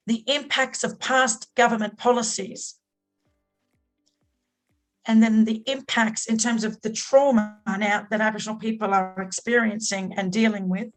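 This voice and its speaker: A woman's voice: fairly high pitch, a bit bright, poor audio. A middle-aged Australian woman, a podcast guest speaking earnestly and with heartfelt emphasis. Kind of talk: podcast interview.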